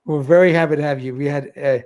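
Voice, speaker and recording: Man, middle-aged, livestream host, casual chat, reads viewer comments aloud, laughs often, slightly high voice. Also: fairly even intonation, quick pace, darkish tone. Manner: chatty, laughs often, trails off in restarts.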